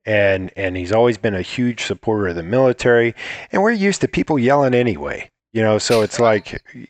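A man's voice: lowish voice, lively intonation, fairly quick, no echo. A man telling a rambling, profane story in a casual chat, acting out what others said. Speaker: guest.

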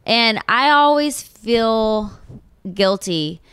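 Heartfelt woman with a smooth, dry voice. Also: fairly high pitch, extremely slow, no room sound. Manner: animated, heartfelt, confiding. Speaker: podcast host. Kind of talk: casual chat.

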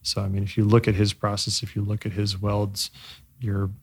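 Man, low gravelly voice, flat delivery, halting reflective interview answers. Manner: halting, many fillers and restarts; reflective, searching for words. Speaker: bike company co-founder. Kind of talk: casual interview.

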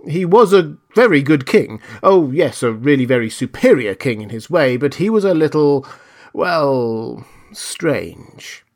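A man's voice: on the high side, very animated, unhurried, a little mellow. A man voicing a cautious, overly polite older prime minister in a storybook reading, hesitating as he chooses words. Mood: hesitant.

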